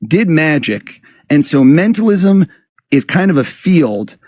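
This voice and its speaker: A man guest on a podcast, relaxed and explanatory, often tagging questions with "right?". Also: fairly high pitch, slow, dry recording, clean studio sound. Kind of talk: casual interview talk.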